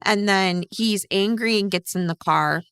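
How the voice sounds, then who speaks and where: A woman's voice: medium pitch, a little slow, fairly bright tone, clean tone, no echo, clean studio sound. A woman co-hosting a podcast, casually recapping a movie and acting out the characters' lines. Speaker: podcast co-host.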